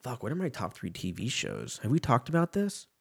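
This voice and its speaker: A man's voice: medium pitch, wildly swooping pitch, brisk, vocal fry, slightly rough. A man in his thirties, hosting a casual podcast and rambling in a profane, joking way. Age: 30s.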